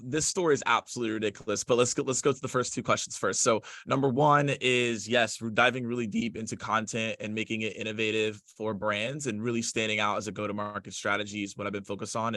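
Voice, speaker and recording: A man's voice: mid-range voice, bright, forceful tone, no room sound, clean studio sound. A male guest and company founder, telling a story energetically, laughing often and acting out voices. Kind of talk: animated storytelling.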